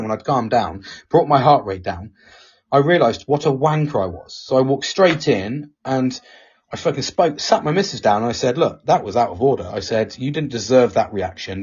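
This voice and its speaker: A man's voice: medium pitch, husky. A man hosting a live talk show, speaking candidly with lots of swearing and rambling restarts. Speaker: podcast host. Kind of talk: casual chat. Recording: dull lo-fi sound.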